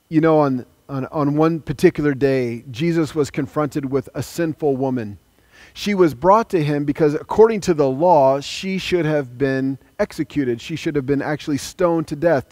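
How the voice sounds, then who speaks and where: A man's voice: on the high side, a little mellow, dry recording. A man preaching a sermon as a pastor, earnest and pleading, inviting listeners to pray with him.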